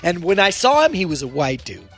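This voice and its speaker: A man's voice: high voice, very animated, a little fast, fairly bright tone, faint music behind. A man co-hosting a podcast, swearing and joking in laid-back banter. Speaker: podcast co-host. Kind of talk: casual chat.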